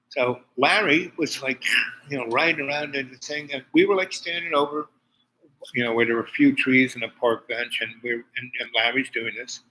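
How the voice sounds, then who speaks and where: Bright-voiced man telling rambling stories. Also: medium pitch, moderate pace, rough recording. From Harlem, New York. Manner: digressive storytelling with many restarts and asides. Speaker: host. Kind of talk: rambling personal monologue.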